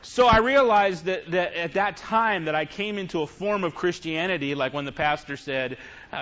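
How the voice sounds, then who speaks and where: A man's voice: a little high, normal speed, a bit bright. A middle-aged man giving a sermon, telling funny, confessional stories to his congregation. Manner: humorous, confessional storytelling to a congregation. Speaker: preacher. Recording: dull lo-fi recording.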